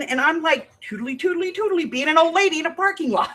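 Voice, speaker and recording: A woman's voice: extremely high pitch, quick pace, few pauses. A middle-aged woman hosting a crafting livestream, chatting to viewers and telling stories, laughing often. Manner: chatty, animated storyteller, laughs often, greets viewers by name. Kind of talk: casual chat to live viewers.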